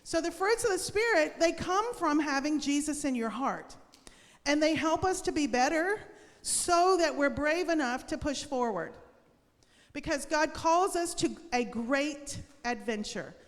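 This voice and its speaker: A woman's voice: sits high, animated, unhurried, in a large hall. A woman teacher giving a cheerful, encouraging devotional lesson and prayer to schoolchildren. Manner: upbeat, encouraging, talks to children.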